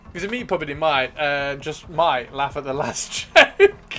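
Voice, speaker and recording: Brief: male streamer, bright voice, chatty and enthusiastic, faint music behind. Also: fairly high pitch, very animated, very slow, pauses often. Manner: chatty, laughing, enthusiastic, repeats words. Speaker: livestream host. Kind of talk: casual livestream chat.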